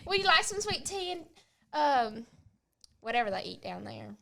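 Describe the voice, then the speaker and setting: A woman putting on a loud, gushing Southern country wife with a put-on Southern US accent for a comedy sketch. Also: high voice, big pitch swings, slow pace, creaky, heavily acted. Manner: shrieking, gushing, laughing.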